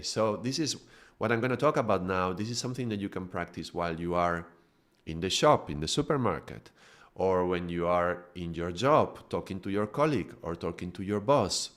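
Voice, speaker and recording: A male yoga teacher giving a live spiritual talk, explaining calmly and demonstrating points with his own voice. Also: low voice.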